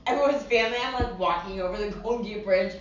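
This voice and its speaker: A woman's voice: medium pitch, fast talker, slight background noise. A woman in her forties, a podcast guest, telling a story in a wry, self-mocking way and quoting her own thoughts. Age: 40s. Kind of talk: casual storytelling chat. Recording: echoey room, distant dull mic, chatter behind.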